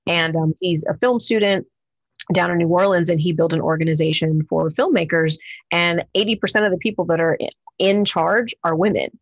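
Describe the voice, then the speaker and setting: A woman hosting a podcast, talking in a relaxed, reflective way. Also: on the low side, a little fast, no room sound. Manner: relaxed and reflective, many fillers. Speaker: podcast host. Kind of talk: casual podcast conversation.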